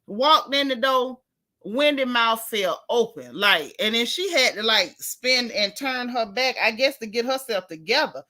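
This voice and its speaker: A woman hosting a casual reality TV recap, telling it in a sassy, animated way with lots of slang. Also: fairly high pitch, a little slow. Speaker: host.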